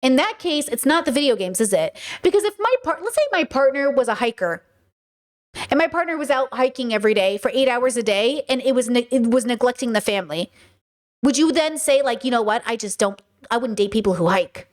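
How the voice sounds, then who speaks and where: Casting: woman, high voice, blunt casual commentary host, swears, acts out dialogue. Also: animated, fairly quick.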